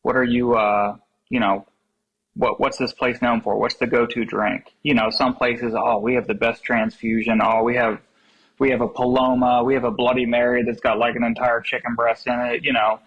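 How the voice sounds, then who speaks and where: A man's voice: mid-range voice, little pitch movement, normal speed, a bit bright, breathy edge, highs cut off. A man chatting as a podcast guest, telling rambling stories and laughing often. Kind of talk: casual chat.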